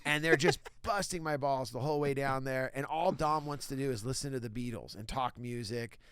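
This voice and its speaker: A middle-aged man, a stand-up comedian, telling lively anecdotes in a casual interview and acting out other people's lines. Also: medium pitch, a little fast, smooth, dry recording.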